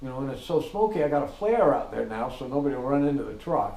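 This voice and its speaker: A man's voice: on the high side, fairly quick. A middle-aged man telling a story in casual talk, laughing often and acting out what people said. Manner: animated, laughing, swearing, acts out quotes. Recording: echoey room with faint noise.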